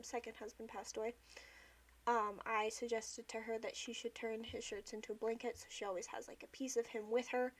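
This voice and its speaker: A young woman livestreaming while she journals, chatting casually and often saying "like". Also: fairly high pitch. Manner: chatty, filler-heavy with frequent "like".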